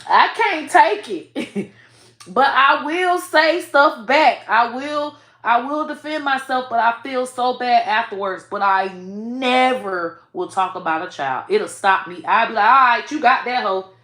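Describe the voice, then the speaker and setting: A woman vlogs casually to the camera, blunt and full of profanity, tossing out "bro" and "y'all" a lot. Her volume swings from soft to loud as her emotions build, and she sounds animated yet a bit slow, with a reverberant room around her.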